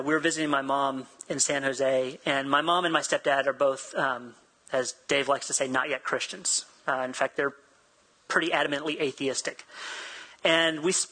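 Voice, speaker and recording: A man's voice: a little high, bright, forceful tone, rough recording. A man preaching a sermon, telling a personal story in a chatty, self-deprecating way and laughing easily. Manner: acts out quoted dialogue. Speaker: pastor.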